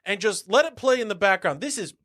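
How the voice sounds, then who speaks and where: High-voiced podcast guy, super animated, acts out movie bits, laughs a lot. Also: fairly quick. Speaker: podcast co-host. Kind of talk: casual chat.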